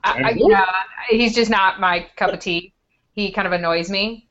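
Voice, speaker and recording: A woman's voice: mid-range voice, normal speed, a bit bright, muffled recording. A woman co-hosting a podcast, chatting frankly and casually about a movie and laughing easily. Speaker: podcast co-host. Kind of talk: casual movie review chat.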